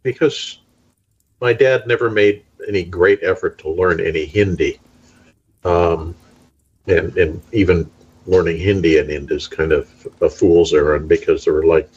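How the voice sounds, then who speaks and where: Deep-voiced man on a muffled line. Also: steady tone, normal speed, a little mellow, slightly rough. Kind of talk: casual conversation.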